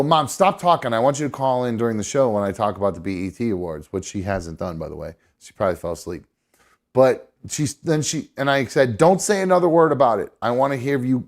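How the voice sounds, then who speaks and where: A man of middle pitch hosts a live studio talk show. He rambles loosely from one story to the next and swears without a second thought. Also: quick pace. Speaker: podcast host. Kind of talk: casual live show chat.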